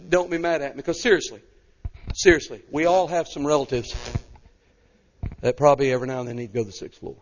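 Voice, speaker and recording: Preacher guy telling a story in a sermon, lively, does the voices, kinda muffled. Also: mid-range voice, fast, pauses often, a little hiss or hum. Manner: animated, acts out voices. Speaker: evangelist.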